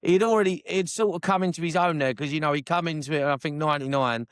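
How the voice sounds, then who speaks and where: A man with a Cockney accent co-hosting a wrestling podcast, chatting casually in long, excitable, rambling stretches and swearing freely. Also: a little high, fast talker, clear, resonant tone, no echo, studio quality. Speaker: podcast co-host. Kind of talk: casual chat.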